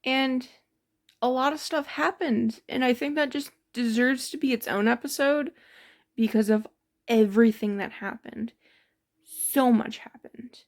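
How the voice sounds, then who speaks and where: A woman's voice: a little high, unhurried. A woman casually recounting a tabletop game session in a rambling, giggly way. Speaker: storyteller.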